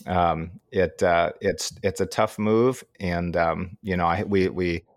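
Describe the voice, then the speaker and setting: A man's voice: deep voice, steady tone, dry recording, studio quality. A middle-aged man co-hosting a podcast in casual chat, telling a story at an easy pace with frequent chuckles. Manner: unhurried storytelling, chuckles often. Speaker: podcast co-host.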